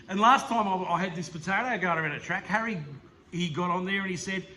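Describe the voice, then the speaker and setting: Australian host, bright, slightly high voice, rambling and enthusiastic, casual chat. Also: male voice, brisk, slight background noise. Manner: rambling, enthusiastic, laughs often. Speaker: slot car hobby channel host.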